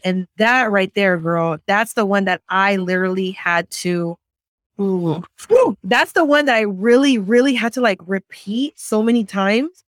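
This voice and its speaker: Young woman, frank and lively storyteller, casual and profane, dry close recording. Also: medium pitch, no echo. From Central American family background. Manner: animated, frank storyteller who swears freely. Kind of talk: casual chat.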